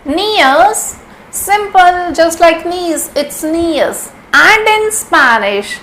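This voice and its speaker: A woman runs a slow vocabulary lesson, cheerfully saying each word again and again. Her voice sits high, and faint noise hums behind her. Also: very animated, bright, forceful tone, low-quality recording. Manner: repeats each word several times, cheerful. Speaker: language teacher.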